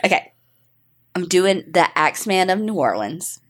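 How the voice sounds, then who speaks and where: A woman's voice: lowish voice, very animated, normal speed. A middle-aged woman co-hosting a podcast in casual chat, swearing freely and laughing often. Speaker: podcast co-host.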